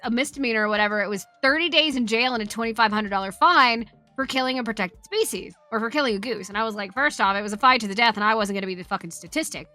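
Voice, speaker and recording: A tired woman VTuber streamer telling a story on stream in a casual, animated, profane way, laughing as she goes. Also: fairly high pitch, quick pace, hardly any pauses, faint music behind.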